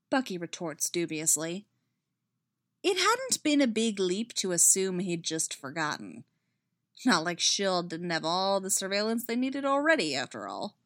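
A woman reading a story aloud as narrator, wry and expressive. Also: fairly low pitch, unhurried, no room sound, clean studio sound.

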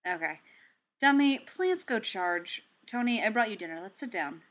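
A woman voicing a patient male soldier who speaks softly, firmly and precisely. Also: mid-range voice, normal speed, natural voice. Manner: soft, firm and even. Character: calm, patient male soldier, gently firm. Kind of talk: audiobook character reading.

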